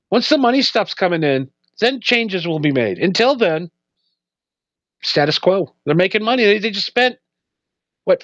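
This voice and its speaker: A man co-hosting a comedy podcast, his voice sitting slightly high for a man. He rambles and laughs a lot in loose banter. The sound is a little dull, as if muffled, yet dry and close. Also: fairly bright tone, dry recording. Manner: rambling, laughs often, acts out quotes. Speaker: podcast co-host. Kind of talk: casual comedic chat.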